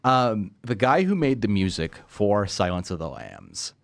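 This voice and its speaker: Sarcastic young man, low voice. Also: huge pitch swings, measured pace, gravelly, no room sound. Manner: sarcastic, laughs often. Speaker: podcast host. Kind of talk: casual movie review chat.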